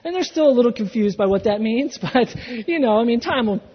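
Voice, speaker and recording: A male pastor preaching a sermon, telling the story with animation and acting out the quotes, swinging from loud to hushed. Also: very high voice, expressive, a little fast, slightly rough. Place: church sanctuary. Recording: dull sound in a reverberant hall.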